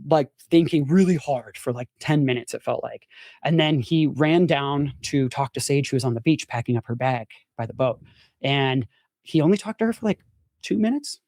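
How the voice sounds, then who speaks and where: A young man with a fairly high voice recounts his story, leaping up in pitch whenever he acts out what others said. The sound is dry and close, with no room around it, and his talk runs loose and chatty with plenty of fillers. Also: dry recording. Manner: animated storyteller, acts out quotes with big pitch jumps, frequent "like". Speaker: podcast guest, former reality show contestant. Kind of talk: casual storytelling interview.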